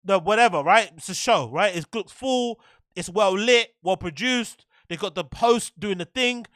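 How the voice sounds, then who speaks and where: A man's voice: high voice, normal speed, fairly bright tone, no room sound, clean studio sound. A man hosting a show, ranting in profane, exasperated bursts and repeating himself. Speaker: show host. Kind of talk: ranting commentary.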